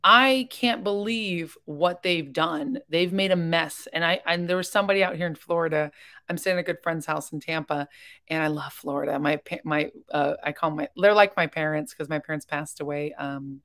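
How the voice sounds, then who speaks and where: With a low, fairly bright voice, a woman runs a casual livestream where she reacts to videos and reads viewer comments. She talks in an open, emotional, rambling way, hopping rapidly from one topic to another.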